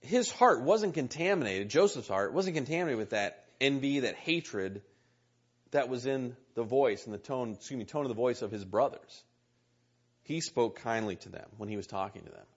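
An earnest male preacher delivering a sermon and reading scripture aloud, often repeating his key words. His voice is husky and mid-pitched. The recording sounds muffled and lo-fi. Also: animated, moderate pace.

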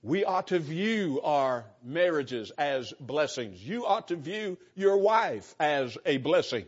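An older male pastor preaching with an emphatic, rhythmic cadence, often repeating words as he builds a point. His voice sits a little high for a man. The recording sounds dull and lo-fi. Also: big pitch swings, takes it slowly, breathy edge. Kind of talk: sermon.

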